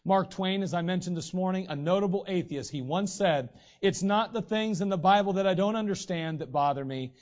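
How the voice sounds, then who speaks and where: Guy preaching, pretty high voice, chatty asides then slow punchy verses, muffled recording. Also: darkish tone. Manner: emphatic, slow stressed scripture reading; conversational asides to the congregation. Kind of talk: sermon. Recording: dull lo-fi sound.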